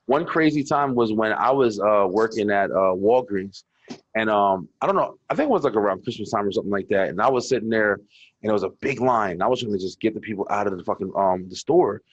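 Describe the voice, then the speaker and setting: A man's voice: lowish voice, lively intonation, fairly quick, husky, muffled recording. A young adult man co-hosting a casual chat, telling loose, profane stories and acting out what people said. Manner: loose, profane storytelling with acted-out quotes. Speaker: co-host.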